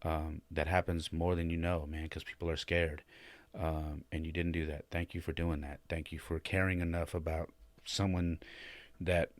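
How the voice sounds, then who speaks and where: A man's voice: a bass voice, flat delivery, moderate pace, no room sound. A podcast host, a man, telling a personal story in a rambling, casual way, with many restarts and repeated "man". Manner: rambling, many restarts and "man", rising and louder when emotional.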